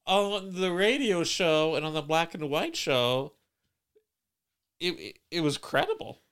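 Male podcast co-host, smooth clear voice, wry deadpan recapper. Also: fairly high pitch, measured pace. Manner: dry, wry storytelling with deadpan teasing. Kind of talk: casual chat recapping a TV episode.

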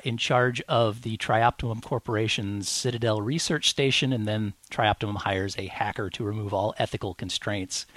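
A man's voice: lowish voice, a bit bright, no echo. A man co-hosting a podcast, chatting eagerly and rambling with lots of fillers and restarts. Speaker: podcast co-host. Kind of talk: casual chat.

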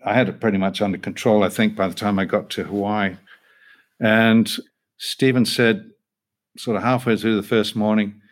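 A man's voice: on the low side, level tone, moderate pace. An older male actor telling rambling, self-deprecating stories as an interview guest, laughing often. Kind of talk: casual interview anecdote.

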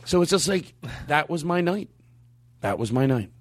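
A man's voice: a little high, moderate pace, no echo. A man hosting a podcast, telling rambling stories in casual chat with a lot of swearing. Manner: profane, rambling, animated storytelling. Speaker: podcast host.

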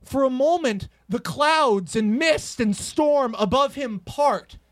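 A man telling a rambling, profane comedic movie pitch, acting out characters' lines in quick bursts. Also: lively intonation, no room sound.

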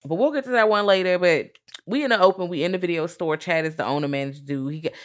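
A woman co-hosting a podcast in casual chat, animated and swearing freely, acting out quotes, with a Southern US accent. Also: lowish voice, fast talker. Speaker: podcast co-host.

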